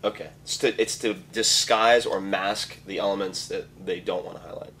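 A man's voice: sits low, fairly even intonation, normal speed, vocal fry, a bit bright, slight background noise. A man guest at a wine tasting, laid-back, giving short replies and dry quips. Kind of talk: casual wine tasting chat.

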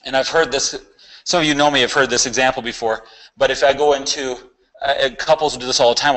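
A man in his forties, a therapist leading a workshop, talking in an emphatic, animated way and often asking "right?". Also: mid-range voice, fairly quick, poor audio. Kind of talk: informal workshop talk.

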